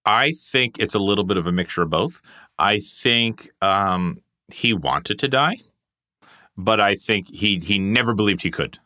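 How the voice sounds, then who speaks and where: A man's voice: lowish voice, lively intonation, measured pace, sharp tone, dry recording, studio quality. A man co-hosting a podcast, chatting casually and joking irreverently. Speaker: podcast co-host. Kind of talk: casual chat.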